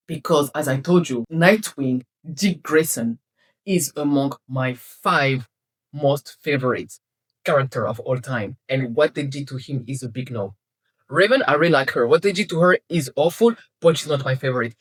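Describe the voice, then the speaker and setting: A woman vlogger ranting to camera about a TV series, passionate and exasperated, swinging between loud outbursts and low mutters. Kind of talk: casual rant to camera.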